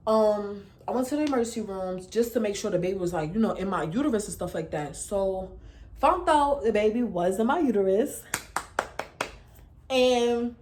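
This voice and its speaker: A New York City vlogger in her twenties, with a New York accent and a mid-range voice, tells a story to camera. She's casual, slangy and animated, acting out the voices of the people she quotes.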